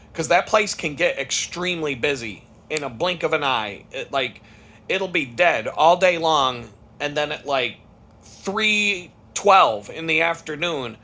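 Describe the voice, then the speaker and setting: Guy rambling thru a sweary work story, bright kinda highish voice. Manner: rambling, profane, with lots of restarts. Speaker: podcast host. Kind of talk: casual storytelling monologue.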